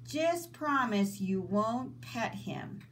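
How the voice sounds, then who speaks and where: A woman's voice: fairly high pitch, lively intonation, extremely slow, slight background noise. Woman voicing a careful, bookish boy. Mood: stern. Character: cautious, bookish boy, a bit anxious.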